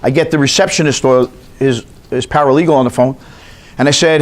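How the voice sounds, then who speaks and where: A man's voice: medium pitch, fairly quick. A man from New York teaching a continuing education class, telling chatty stories and quizzing his audience. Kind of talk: storytelling lecture to a class.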